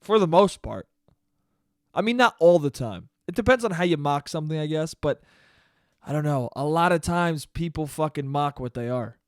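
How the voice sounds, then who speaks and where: A young man hosting a solo podcast, telling stories in a casual, profane, animated way. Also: on the high side, normal speed, dry recording, clean studio sound. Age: young adult. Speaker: podcast host.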